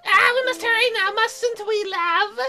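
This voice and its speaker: A woman voicing a giddy, creepy young noblewoman in a sing-song, high baby-talk voice while playing a game. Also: fairly even intonation, unhurried, pushed and bright, faint music behind, exaggerated voice. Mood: gleeful. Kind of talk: let's play character voice.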